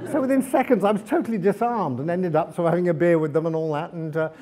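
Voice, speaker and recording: A man with a somewhat high voice tells travel stories to a live audience at a library event. He talks as an engaged, lively storyteller, often breaking off with "um" and "uh" and restarting his sentences. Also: fast, some chatter behind. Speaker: guest speaker, author. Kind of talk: anecdotal talk to a live audience.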